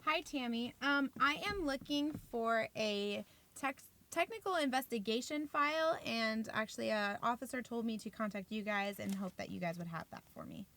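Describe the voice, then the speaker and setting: A young woman filmed for a documentary, excitable and breathless, talking quickly on the phone and then shrieking with joy. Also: on the high side, slight background noise. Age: young adult. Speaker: documentary subject. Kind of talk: candid documentary footage.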